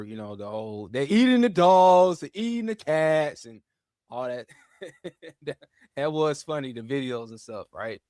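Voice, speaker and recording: A man hosting a commentary show, talking in a slangy, animated way, swinging between low mutters and loud outbursts and repeating himself. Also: dry recording, studio quality. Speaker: host. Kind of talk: casual commentary.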